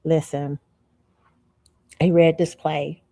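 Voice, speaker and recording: A woman hosting her show, telling a personal story in a casual, animated way and calling her listeners y'all. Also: low-pitched, slow, gravelly. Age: adult student. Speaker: show host.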